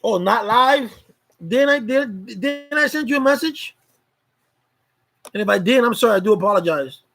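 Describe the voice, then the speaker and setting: A man's voice: very high-pitched, lively intonation, normal speed, vocal fry, pauses often, a bit bright, poor audio. A man hosting a casual live stream chat, greeting viewers by name in a loose, repetitive way.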